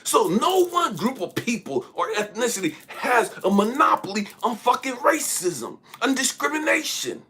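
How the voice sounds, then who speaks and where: A man's voice: very high voice, sing-song, moderate pace, few pauses, bright, forceful tone, slightly rough. A man giving a blunt, profane spiritual monologue, preaching hard and at times dropping into a whisper. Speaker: spiritual speaker.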